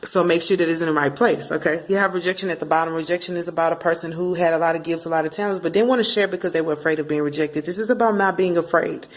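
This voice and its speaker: A woman giving a casual tarot reading to camera, animated and playful, slipping into bits of song and acted asides. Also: on the low side, very fast, hardly any pauses. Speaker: tarot card reader.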